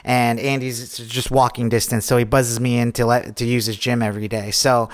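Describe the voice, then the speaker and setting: Man, podcast co-host, casual chat, laid-back, rambling, smooth resonant voice. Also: mid-range voice, level tone, normal speed.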